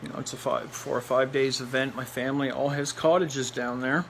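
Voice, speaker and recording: A man's voice: mid-range voice, fairly even intonation, brisk, creaky, a bit bright, slight background noise, rough recording. Blunt rambling man telling his story. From Nova Scotia, Canada. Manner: blunt, rambling, repeats phrases for emphasis; laughs between lines. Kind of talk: personal storytelling monologue.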